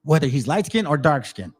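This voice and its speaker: Man, higher voice, heated ranting commentary, swears a lot. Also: very animated, normal speed, husky. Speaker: channel host. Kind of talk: angry commentary over played videos.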